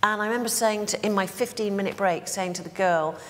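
A woman in her sixties from Bristol, England, appears as a make-up artist guest in a casual interview, telling anecdotes with lots of fillers and restarts. Her medium-pitched voice is fast and a bit bright, with a big-room sound.

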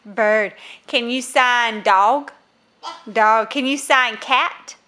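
Slow, bright-toned coaxing mother. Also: fairly high pitch. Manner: coaxing, encouraging questions to small children. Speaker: parent filming her children. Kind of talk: casual home video. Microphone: phone camera held while filming.

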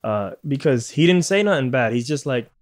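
A man's voice: medium pitch, expressive, normal speed. A man from Puerto Rico hosting a casual podcast, ranting with lots of swearing and frequent laughter. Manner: profane, ranting, laughs often. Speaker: podcast host.

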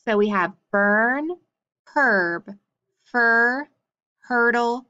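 A woman's voice: on the high side, drawn-out words, pushed and bright, clear, resonant tone, lo-fi sound. A woman teaching a phonics lesson, sounding out words syllable by syllable and drilling letter cards. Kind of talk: slow, deliberate phonics lesson.

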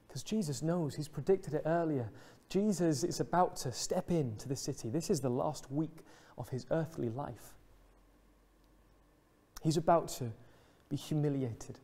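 A male pastor preaching earnestly, his voice pitched a little high yet mellow and warm in tone. He slows and softens on the tender moments, reflective rather than showy. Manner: earnest, reflective, dips soft and slow on emotional lines. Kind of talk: sermon. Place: church.

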